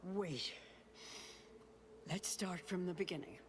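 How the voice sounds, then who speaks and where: A woman's voice: lowish voice, takes it slowly. An actress voicing an eager, prim female scientist with refined, formal diction, heard as game audio over background noise. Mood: composed.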